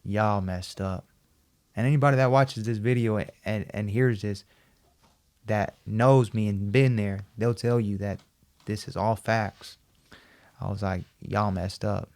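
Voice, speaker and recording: A man as a podcast guest, recounting a personal story and acting out the dialogue in an animated, repetitive way. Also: fairly low pitch, unhurried. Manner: animated, acts out quoted dialogue, repeats himself.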